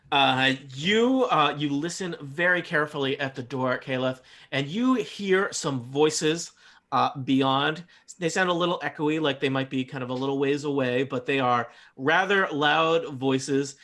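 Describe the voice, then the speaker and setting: A man's voice: on the high side, pushed and bright. A man running a tabletop game as game master, describing scenes in a loose, rambling way full of fillers. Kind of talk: narrating a tabletop game, casual.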